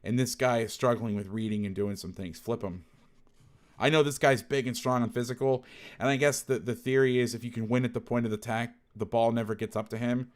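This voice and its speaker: A man talks through football game film in a casual, blunt way, swearing now and then and correcting himself mid-thought. His voice sits at a middling pitch. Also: fairly even intonation, brisk. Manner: blunt, thinks aloud, self-correcting, salty language.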